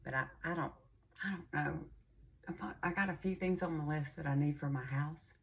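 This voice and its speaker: A woman's voice: deep voice, fairly quick, creaky, breathy edge. An older woman, chatting casually in a vlog, rambling and folksy, with a bit of a runny nose. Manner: chatty, rambling storyteller with a warm folksy drawl. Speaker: vlogger.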